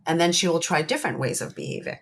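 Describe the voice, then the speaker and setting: Emphatic woman, lowish voice, earnest guest. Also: big pitch swings, fast. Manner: earnest, emphatic, repeats key points. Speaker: psychologist guest. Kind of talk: interview conversation.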